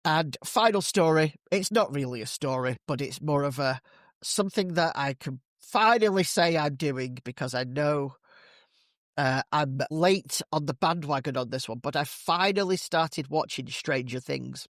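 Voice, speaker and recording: A man hosting a podcast in casual solo chat, slightly hoarse, chatty and rambling. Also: a little high, measured pace, a bit bright, dry recording, studio quality. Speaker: podcast host.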